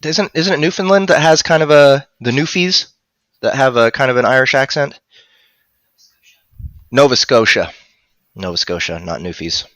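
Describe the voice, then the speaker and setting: Guy rambling on a stream, bright voice, lots of ums, close dry mic. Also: mid-range voice, expressive, fairly quick, no room sound. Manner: rambling, many restarts and fillers. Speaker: guest audiobook narrator. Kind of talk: casual livestream chat.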